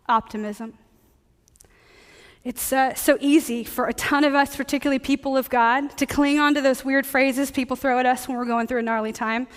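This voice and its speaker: A woman with a high voice preaches a sermon, moving between earnest teaching and quick, joking asides to the congregation. Her words ring out with the long reverb of a church hall. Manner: lively, conversational, joking asides. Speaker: teaching pastor. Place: church sanctuary.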